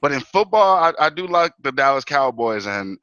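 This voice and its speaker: Male guest, lively fan talk, bright voice, dry close mic. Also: medium pitch, moderate pace, smooth, no echo, dull audio. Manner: animated, fan talk full of "bro" and "man". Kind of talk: casual sports talk.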